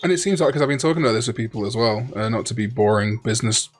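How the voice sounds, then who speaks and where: A man's voice: medium pitch, animated, racing. Chatty man over faint game music. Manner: chatty, joking, rambling asides. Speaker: Let's Play co-host. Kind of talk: casual gaming chat.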